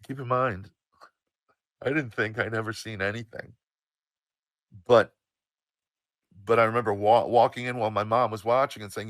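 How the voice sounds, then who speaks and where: A man in his sixties from the United States, telling a personal story in an animated, emphatic way with some swearing. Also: fairly low pitch, moderate pace, pauses often, no echo. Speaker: storyteller, show host.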